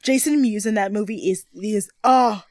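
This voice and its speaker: A woman's voice: mid-range voice, normal speed, darkish tone, dry recording, clean studio sound. A young woman co-hosting a podcast, chatting casually and animatedly with laughs, swearing and many restarts. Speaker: podcast co-host. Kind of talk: casual chat recapping a reality show.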